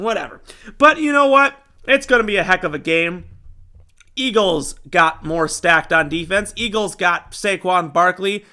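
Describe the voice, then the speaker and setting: A young man hosting a sports show, giving casual game predictions in an excitable, animated way. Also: high-pitched, a little slow. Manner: excitable, animated fan talk.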